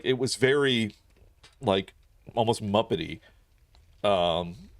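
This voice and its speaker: A male streamer chatting loosely with his viewers while he plays. His voice sits a little low, and he rambles, cursing freely and filling gaps with likes and ums. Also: animated, normal speed. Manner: rambling, profane, many fillers. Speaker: game streamer. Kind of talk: casual chat while gaming.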